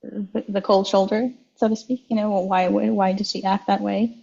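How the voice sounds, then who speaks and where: A young adult woman, interviewed as a guest, telling a personal story slowly and reflectively with frequent restarts. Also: mid-range voice, level tone, gravelly, warm tone, husky, lo-fi sound.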